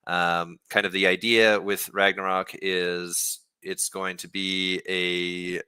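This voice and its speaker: A low-voiced man with a bright, clear tone walks listeners through a new game feature on a livestream Q&A. He talks in a loose, relaxed way, full of fillers and restarts. The sound is dry and close. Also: takes it slowly, no echo. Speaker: game developer. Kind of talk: livestream Q&A explanation.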